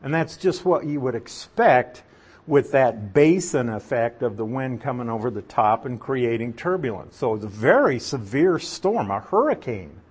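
A man's voice: mid-range voice, darkish tone, husky. A man teaching a Bible lesson, explaining Greek words and putting questions to his listeners.

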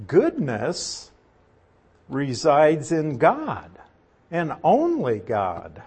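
A man preaching a sermon, working through a scripture passage verse by verse. His voice is husky and his delivery is unhurried, with a lively pitch that rises and falls as he stresses key words. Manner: reads scripture aloud, then explains it verse by verse. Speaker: pastor.

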